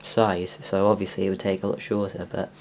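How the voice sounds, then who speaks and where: Casual young man, low voice. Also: little pitch movement, brisk, darkish tone. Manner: rambling, many ums and restarts. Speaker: video host reviewing a game store. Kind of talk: casual video walkthrough. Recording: dull lo-fi home recording with faint hiss.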